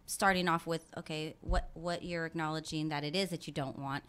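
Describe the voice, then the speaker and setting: Woman co-host, bright lowish voice, relaxed thoughtful studio chat. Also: fairly quick, clean tone. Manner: thoughtful, laughs often. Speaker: radio co-host. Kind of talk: casual radio chat. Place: radio studio. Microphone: studio microphone.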